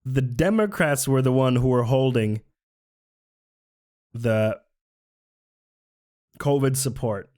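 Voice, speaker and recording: A man's voice: medium pitch, takes it slowly, pauses often, a little mellow. Sarcastic man mocking a clip. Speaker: reaction commentator. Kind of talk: casual reaction commentary.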